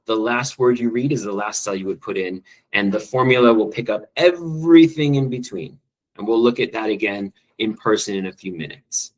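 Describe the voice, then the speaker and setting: A man teacher presenting an online spreadsheet training, quick and enthusiastic, with frequent ums and restarts. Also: on the low side, low-quality recording.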